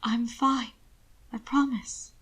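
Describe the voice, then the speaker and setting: A woman voicing a calm, defiant young man who speaks firmly and reassuringly. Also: on the high side, slow, husky, heavily acted. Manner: placid, firm and reassuring.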